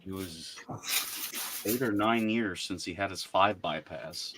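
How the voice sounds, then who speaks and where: A man's voice: low-pitched, unhurried, noisy background. A young man in casual chat, joking, swearing freely and poking fun at himself. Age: young adult. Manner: joking, swearing, self-mocking. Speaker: friend in a group chat.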